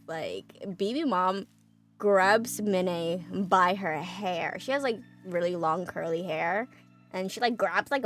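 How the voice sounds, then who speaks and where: Chatty woman streamer recapping a story. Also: lowish voice. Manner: chatty, lots of fillers and laughs.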